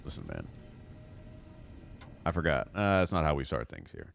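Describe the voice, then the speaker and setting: A man's voice: extremely low pitch, wildly swooping pitch, moderate pace, gravelly. A man streaming a video game, joking and rambling through casual commentary and laughing at himself.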